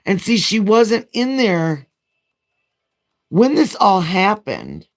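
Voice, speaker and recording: Brief: nail-vlogger woman, mid-pitched, talks frankly, rambles through her story. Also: huge pitch swings, slow pace. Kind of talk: casual chat while doing nails.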